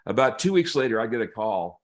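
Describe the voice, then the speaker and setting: A man, a pastor, telling humorous stories in a relaxed chat, laughing as he acts out the people in them. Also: fairly low pitch, fast talker. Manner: humorous, laughing storyteller, acts out quoted voices. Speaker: pastor and guest. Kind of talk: casual storytelling chat.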